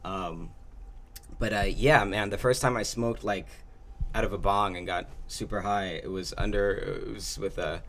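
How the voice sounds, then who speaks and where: A man's voice: fairly low pitch, steady tone, moderate pace, a bit bright. A young man in casual chat, rambling with many fillers and laughing often.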